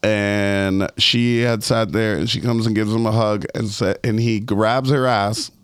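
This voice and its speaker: A man's voice: lowish voice, fairly even intonation, measured pace, smooth, no room sound. Rambling, foul-mouthed podcast guy, dry mic. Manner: rambling storyteller, swears freely, lots of fillers. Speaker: podcast co-host. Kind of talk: casual chat.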